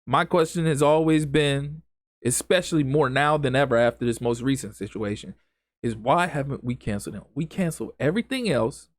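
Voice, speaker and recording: This podcast host's voice is mid-range and his pace is normal, with no echo on the recording. Running the show alone, he speaks with passion and emphasis, circling back over the same points in loose, casual grammar.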